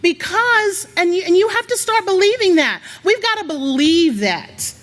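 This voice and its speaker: A woman's voice: very high voice, expressive, moderate pace, a bit bright. A woman giving a motivational sermon to a congregation, leading call-and-response and coaxing them to repeat after her. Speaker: church speaker. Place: large worship hall.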